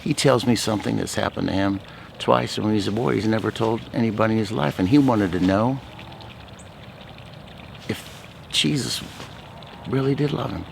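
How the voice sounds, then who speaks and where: A man's voice: lowish voice, fast, vocal fry, a little hiss or hum. Talkative, outgoing man sharing faith stories. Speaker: ministry speaker. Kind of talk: faith testimony talk.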